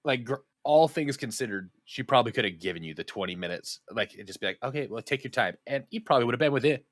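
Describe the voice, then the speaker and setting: A man's voice: mid-range voice, fast, dry recording, studio quality. A man in casual podcast banter, swearing and laughing as he retells stories. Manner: profane, laughing, lively banter. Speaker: podcast co-host.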